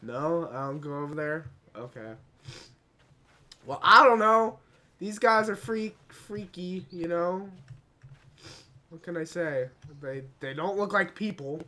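A gaming video creator doing let's play commentary, talking to the game and breaking into dramatic shouts and cries. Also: medium pitch, lively intonation, takes it slowly, long pauses.

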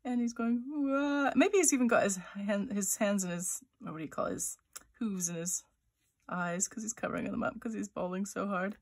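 A woman walks children through drawing a cartoon character, thinking aloud as she sketches. Her voice carries a gravelly, creaky texture at an ordinary middle pitch. Her delivery is chatty and playful, with little sound effects tossed in. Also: normal speed, darkish tone. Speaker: author-illustrator leading a drawing workshop. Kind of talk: live drawing tutorial for children.

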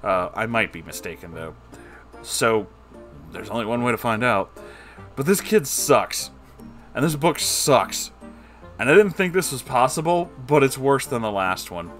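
A man's voice: medium pitch, lively intonation, a little slow, fairly bright tone, faint music behind. A man giving comedic, sarcastic commentary while reading a book aloud, exasperated and swearing freely.

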